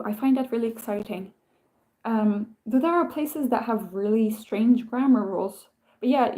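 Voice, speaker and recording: A woman's voice: mid-range voice, a little mellow. A woman chatting casually on a live stream, telling stories in a rambling way with many restarts and answering viewer comments. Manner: rambling, self-interrupting storytelling with many restarts.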